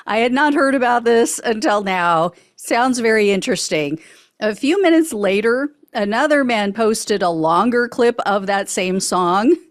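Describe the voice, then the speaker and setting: Woman, news show host, sarcastic commentary, laughs often, mid pitch, dry close sound. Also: no room sound. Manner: mocking, laughs often between lines.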